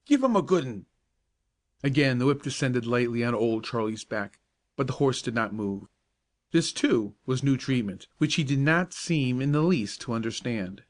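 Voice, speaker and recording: A man narrating a bedtime audiobook in a calm, measured storytelling voice. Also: mid-range voice.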